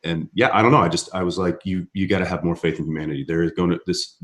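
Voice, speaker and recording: A man on a video call, talking in a calm, reassuring way with some hesitant restarts. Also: low voice, fast talker. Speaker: guest. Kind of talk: casual video call chat.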